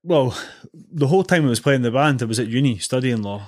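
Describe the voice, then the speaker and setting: Male guest, young, loose chatty storyteller, mid pitch. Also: animated, fairly quick, a little mellow. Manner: chatty storyteller with many fillers and restarts. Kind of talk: casual podcast chat.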